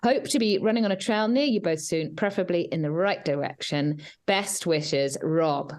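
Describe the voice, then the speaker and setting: A woman's voice: lowish voice, moderate pace, a little mellow, natural voice. A woman reading a listener's letter aloud in a put-on Australian accent, voicing the male writer cheerfully.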